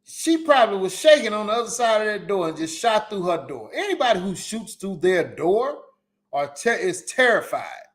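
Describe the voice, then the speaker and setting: A man's voice: high voice, big pitch swings, brisk. A man hosting a solo live podcast, giving emphatic, repetitive advice in casual slang. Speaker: podcast host. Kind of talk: solo live-stream commentary.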